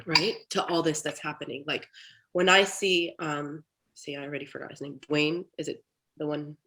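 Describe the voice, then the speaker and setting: A woman speaking candidly as a therapy client, talking in a halting, reflective way with many restarts, over a video call. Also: low voice, fairly even intonation, a bit bright, low-quality recording. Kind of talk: candid personal talk.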